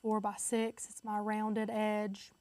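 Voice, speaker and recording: A woman's voice: mid-range voice, monotone, takes it slowly, darkish tone, no room sound. A woman hosting a casual step-by-step crafting tutorial, chatty and upbeat, talking straight to her viewers.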